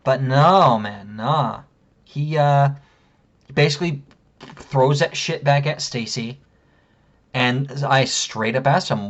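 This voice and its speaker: A man's voice: medium pitch, takes it slowly, long pauses, a bit bright, dull audio. A man telling a story in an angry, profane rant, heated and indignant. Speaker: vlogger.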